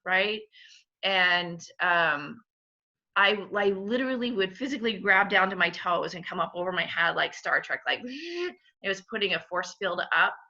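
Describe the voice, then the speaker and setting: A woman's voice: fairly low pitch, vocal fry, pushed and bright. A middle-aged woman as a podcast guest, candidly sharing a personal faith testimony, heartfelt and laughing through emotion. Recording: dull lo-fi sound.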